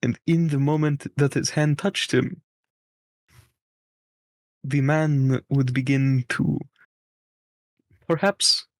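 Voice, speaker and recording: A man playing a tabletop game, narrating his character's actions in a measured way while searching for the right words. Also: mid-range voice, no echo. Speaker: player.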